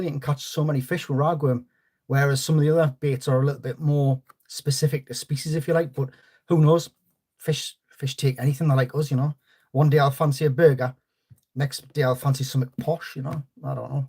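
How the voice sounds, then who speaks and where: Male host, rambling live-stream chatter, slightly higher voice. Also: darkish tone, slightly rough. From North East England. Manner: rambling, chatty, greets viewers by name. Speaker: fishing channel host. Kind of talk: live-stream chat with viewers.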